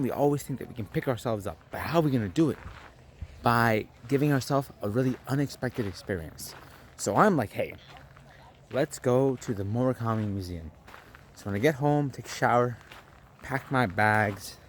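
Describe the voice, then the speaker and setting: Young man, vlogger, animated storytelling, mid pitch, faint background ambience. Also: slight background noise. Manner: animated storytelling, acting out his own lines. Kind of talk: storytelling vlog.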